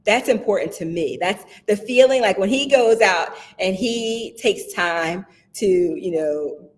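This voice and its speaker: A woman's voice: medium pitch, measured pace. A woman guest in casual conversation who tells stories with energy, acts out what people said, and laughs often. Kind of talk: casual chat.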